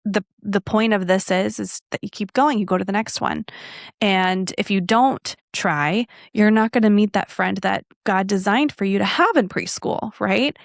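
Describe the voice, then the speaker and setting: A woman hosting her own podcast, talking in a chatty, animated way and slipping into the voices of people in her story. Her voice sits at a middle pitch for a woman. The recording is dry and close, with no room sound. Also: gravelly, no echo. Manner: animated, acts out quoted dialogue; chatty with frequent fillers and asides. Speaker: podcast host. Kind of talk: casual solo podcast storytelling.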